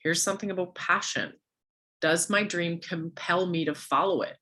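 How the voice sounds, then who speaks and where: A woman with a hoarse, worn-out voice giving a motivational coaching talk to a sales team, firing off rhetorical questions at her listeners. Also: on the low side, fairly even intonation, normal speed, sharp tone.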